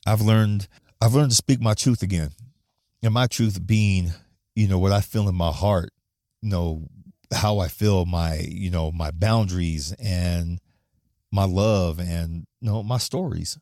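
A man from Flagstaff, Arizona, with a somewhat low voice and a dry, close sound holds forth on his podcast. He is blunt and profane, gets animated, and laughs often as he talks. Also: measured pace, no echo. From Flagstaff, Arizona, USA. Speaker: podcast host. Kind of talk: casual monologue.

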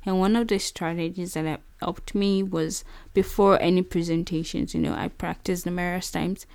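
Earnest Nigerian woman, gravelly low voice. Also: steady tone, normal speed, a little mellow, no room sound. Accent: Nigerian English. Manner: earnest, many fillers like "you know" and "like". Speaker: podcast host. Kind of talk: reflective personal monologue.

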